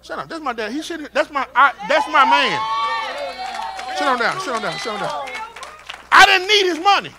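A male pastor, preaching a sermon and moving from shouts and call-and-response to quiet, close talk. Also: extremely high pitch, big pitch swings, normal speed, pauses often, crowd noise. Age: 50s. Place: church sanctuary with congregation.

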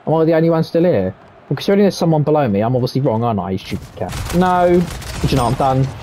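A man giving loud, excitable gameplay commentary from his room, boastful and swearing freely, his voice hoarse from shouting. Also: a little high, slight background noise. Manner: excitable, boastful, swears a lot, shouts and cackles in tense moments. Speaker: gaming video creator.

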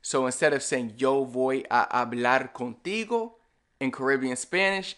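A man with a Puerto Rican accent, explaining language points in a relaxed, casual lesson and slowly repeating example words. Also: mid-range voice. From Puerto Rico. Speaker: Spanish language teacher.

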